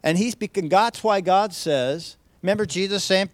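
A pastor delivers a sermon in a high-pitched male voice, earnest and conversational. He stumbles into restarts and keeps posing rhetorical questions to the congregation. The sound is dry, with almost no room echo. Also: moderate pace. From United States.

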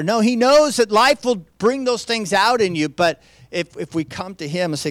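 Preaching in a high-pitched male voice, this US pastor is expressive and earnest at a moderate pace, keeping the sermon conversational. He restarts sentences often and poses repeated rhetorical questions to the congregation, all in a dry recording with barely any echo.

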